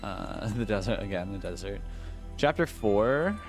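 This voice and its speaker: This gaming streamer has a lowish, expressive voice and keeps a measured pace. He jokes with his chat in a slangy, easygoing way while soft music plays underneath.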